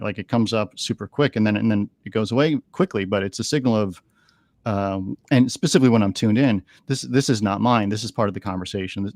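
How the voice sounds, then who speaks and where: On a podcast, an animal communicator guest tells stories earnestly in the studio, repeating words often while he sorts his thoughts. His voice is fairly low, and the studio-quality sound has no echo.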